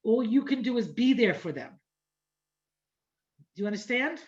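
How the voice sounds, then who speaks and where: A woman's voice: fairly high pitch, animated, moderate pace. Middle-aged woman teaching a conversational class. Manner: conversational, repeats phrases and asks "right?" often. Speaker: teacher of an online Torah class. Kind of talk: informal lecture. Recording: dull lo-fi online class audio.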